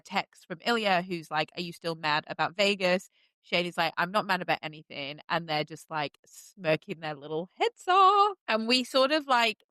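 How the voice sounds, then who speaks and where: A woman's voice: lowish voice, fairly bright tone, clear, resonant tone, dry recording. A woman hosting a podcast, recapping a TV show in casual, enthusiastic chat with lots of fillers. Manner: chatty and enthusiastic, many fillers. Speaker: podcast host.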